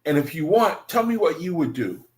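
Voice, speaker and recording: A man's voice: a little high, big pitch swings, normal speed. A man hosting an online study group, talking casually and rambling, repeating himself and calling his viewers brethren. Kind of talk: casual livestream talk to viewers.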